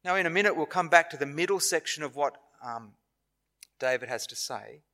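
A man with an Australian accent preaching a sermon in a church, earnest and measured, with pauses and self-corrections. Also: fairly high pitch, animated, pushed and bright.

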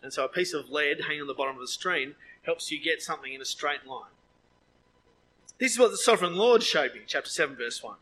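A man preaching a sermon, lively with joking asides, his voice leaping up when he quotes. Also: fairly high pitch, fast talker, a little hiss or hum, poor audio.

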